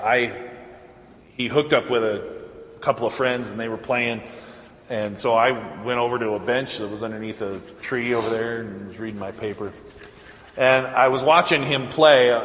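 Conversational pastor in an echoey church. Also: male voice, mid-range voice, fairly bright tone, a little hiss or hum. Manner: storytelling, conversational, chuckling. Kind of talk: sermon. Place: church sanctuary. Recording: echoey church hall, faint ambience.

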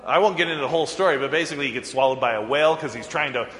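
A man's voice: a little high, racing. A man preaching a sermon as a pastor, telling the story with animation, chuckling often and acting out the lines. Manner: animated, chuckling storyteller who acts out quotes. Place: church sanctuary. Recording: echoey church hall.

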